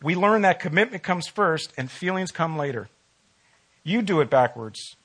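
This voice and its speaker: A man preaching a sermon as a pastor, talking to his congregation in a relaxed, conversational way and often asking them questions. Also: fairly high pitch, normal speed, husky.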